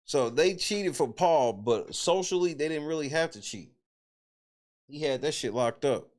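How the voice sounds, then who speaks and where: A man hosting a casual talk show, reacting to a reality show with animated, profane disbelief. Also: a little high, a little slow. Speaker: host.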